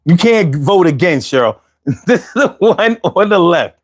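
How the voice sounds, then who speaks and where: A man's voice: high-pitched, very animated, measured pace, noisy background. A man hosting a casual livestream, reading viewer comments aloud and bantering with them in slangy speech, close to the mic. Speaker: livestream host.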